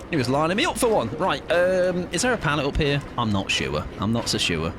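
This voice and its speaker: A man's voice: on the high side, sing-song, fairly quick, hardly any pauses, music in the background. A man chatting casually on a live game stream, joking and rambling with plenty of self-mockery. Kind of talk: live gaming stream chat.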